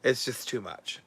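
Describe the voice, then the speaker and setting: A man's voice: mid-range voice, sharp tone, dry recording, clean studio sound. A male host chatting casually on a livestream, blunt and sarcastic with crude language.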